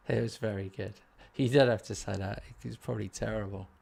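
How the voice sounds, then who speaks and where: A man's voice: fairly low pitch, moderate pace, gravelly, a little mellow, slightly rough. A man hosting a gaming live stream, chatting casually and rambling in a self-mocking way while answering viewers.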